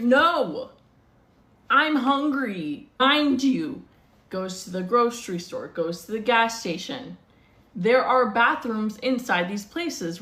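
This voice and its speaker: A woman's voice: mid-range voice, fairly bright tone, reverberant. A young woman telling a dating story in a casual, blunt, profane way, sounding exasperated.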